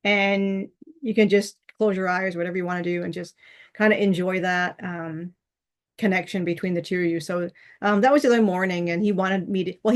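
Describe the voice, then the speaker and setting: A middle-aged woman hosting her own vlog, chatting casually in a rambling way with frequent restarts and laughs. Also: mid-range voice. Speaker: channel host.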